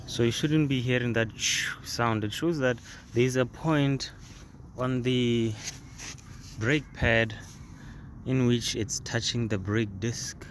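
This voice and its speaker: A man hosting a casual car repair video, explaining step by step in a halting way and repeating words as he works on a jacked-up car. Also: mid-range voice, fairly even intonation, slight background noise. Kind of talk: casual how-to demonstration.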